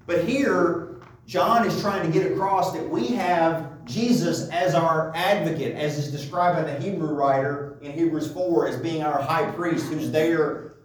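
A man's voice: on the high side, measured pace. A man teaching a Bible study lesson, asking rhetorical questions and checking in with his listeners as he goes. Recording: echoey room, voice from far off.

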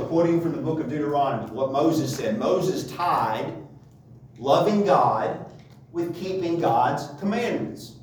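A man's voice: fairly high pitch, expressive, unhurried, a little mellow, a little hiss or hum. A man teaching a Bible study lesson, asking rhetorical questions and checking in with his listeners as he goes. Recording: echoey room, voice from far off.

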